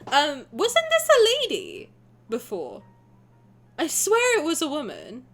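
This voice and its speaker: A young woman streams her reaction to a game in a high, very animated voice. She talks casually, laughs often and swears freely. Her excitement runs all through her commentary. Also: slow pace, soft background music.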